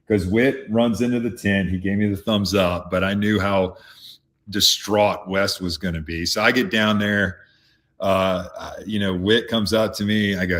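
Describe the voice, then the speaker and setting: A man telling a football story as a guest, animated and laughing, on a phone video call. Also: fairly low pitch, normal speed, roomy sound. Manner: animated storyteller, acts out voices in quotes, laughs often.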